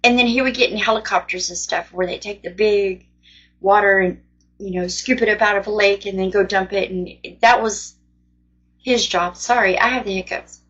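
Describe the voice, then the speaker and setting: A woman's voice: medium pitch, fairly even intonation, a little fast, a bit bright. Woman telling her faith story, earnest and rambly, kinda muffled lo-fi audio. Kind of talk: personal testimony, casual storytelling.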